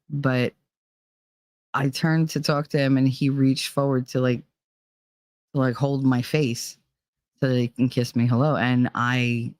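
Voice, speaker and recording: A woman's voice: very deep voice, darkish tone, no room sound, clean studio sound. A woman hosting her own vlog, telling a personal story in a candid, profane way and acting out the people in it. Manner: candid, profane, acts out quoted dialogue. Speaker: vlog host.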